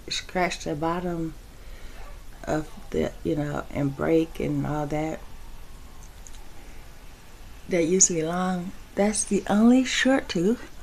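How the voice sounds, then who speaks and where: A woman's voice: lowish voice, creaky, mellow, a little hiss or hum, rough recording. A woman vlogger chatting casually to camera, rambling from topic to topic, laughing often and acting out what other people said. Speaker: soap-making vlogger.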